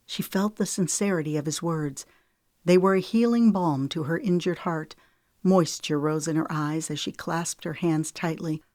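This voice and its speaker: A woman reading a novel aloud in a calm, measured way. Her voice is low and dark. The recording is dry and close-miked, with no room sound. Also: no echo. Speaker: audiobook narrator. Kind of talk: scripted audiobook narration.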